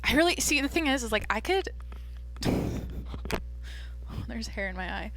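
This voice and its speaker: A young woman hosting her own podcast, chatting casually in a rambling, jokey way with lots of fillers and a deadpan streak. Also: on the high side, normal speed. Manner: self-described deadpan. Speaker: podcast host. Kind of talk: casual solo podcast chat.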